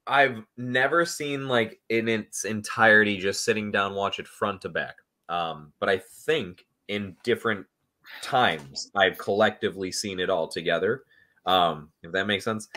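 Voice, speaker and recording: A man with a lowish voice talks through his thoughts on a film podcast. He rambles, trails off with ums and restarts his sentences. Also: measured pace, bright, forceful tone. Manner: rambling, hesitant with frequent ums. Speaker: podcast panelist. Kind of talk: casual chat.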